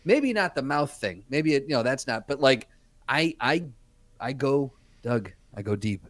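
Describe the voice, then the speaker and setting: A man's voice: mid-range voice, very animated, moderate pace. A man co-hosting a podcast in an average voice, hesitant, with frequent restarts. The sound is close and dry, with no room echo. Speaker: podcast co-host. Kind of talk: casual podcast chat. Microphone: podcast mic.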